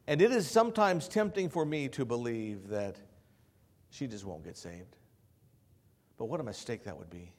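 Animated man preaching a sermon. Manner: builds from quiet, low passages to loud, emphatic preaching; repeats words and restarts phrases.

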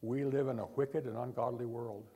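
Gravelly older man preaching earnestly. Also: medium pitch, steady tone, moderate pace. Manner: earnest, repetitive preaching, talking from the heart rather than yelling. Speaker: pastor. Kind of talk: sermon. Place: church.

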